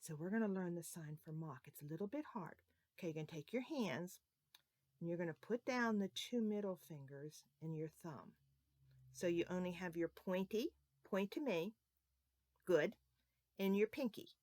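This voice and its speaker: A woman teaching a children's Sunday school lesson, talking slowly and playfully, coaxing the kids to repeat after her. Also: fairly low pitch, lively intonation, a little mellow, no room sound, clean studio sound.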